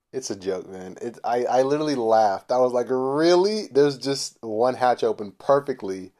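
A man's voice: fairly low pitch, a little mellow. A man hosting a casual podcast chat, incredulous and teasing, often laughing. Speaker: podcast host.

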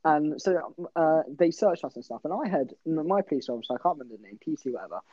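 A man's voice: on the high side, lively intonation, quick pace, dark tone, no room sound. A young man co-hosting a podcast, telling a story in a rambling, laughing way with plenty of swearing. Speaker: podcast co-host. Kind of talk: casual storytelling chat. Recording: dull lo-fi dry sound.

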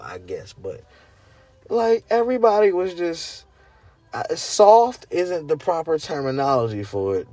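A man vents to his viewers in a loose, profane rant, his fairly high voice shooting up whenever he gets incredulous. The sound is dry and close, with no room around him. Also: no echo. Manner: animated, incredulous, profane, rising high when worked up. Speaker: vlogger. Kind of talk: casual rant to camera.

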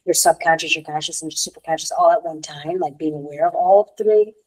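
A woman's voice: low voice, fairly even intonation, a little fast, a little mellow, husky, low-quality recording. A woman co-hosting a casual spiritual talk show, talking in a reflective way with many "you know" fillers. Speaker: podcast co-host.

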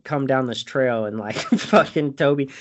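A man's voice: mid-range voice, unhurried. A man hosting a podcast, recapping a film in casual, profane chat and acting out the characters' lines. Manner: swears freely, acts out characters' lines.

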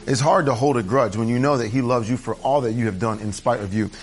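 A fast-talking pastor with a mid-range voice gives his church a conversational sermon during the service. He speaks candidly and chattily, slipping into asides and beginning sentences again.

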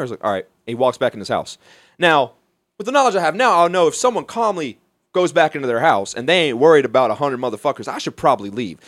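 Profane, animated young man telling a story. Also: medium pitch, fast talker, no room sound, clean studio sound. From Alabama. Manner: profane, animated, laughing often. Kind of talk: casual storytelling.

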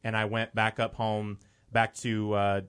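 A man's voice: lowish voice, monotone, unhurried, a bit bright, clean tone. Earnest young man telling his story. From Chicago area. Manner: earnest, rambling, many "you know" fillers. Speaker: guest. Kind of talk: personal storytelling in conversation.

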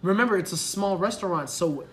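A man's voice: sits high, fairly quick, a little hiss or hum. A man on a podcast, casually retelling a story with lots of swearing and laughter. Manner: profane, laughing, animated retelling. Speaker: podcast co-host.

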